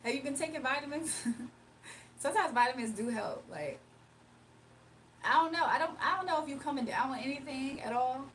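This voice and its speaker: A woman's voice: sits high, moderate pace, long pauses, a bit bright, distant mic, slight background noise, rough recording. A woman from Virginia hosting a late-night livestream, chatting casually, reading comments aloud, and laughing often. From Virginia, United States. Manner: laid-back slangy talk, laughs often. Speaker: livestream host.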